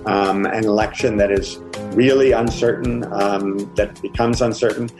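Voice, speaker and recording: A man's voice: fairly low pitch, steady tone, measured pace. A man from a news decision team recalling the mood of the night in an interview. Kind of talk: recounting memories in an interview. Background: music.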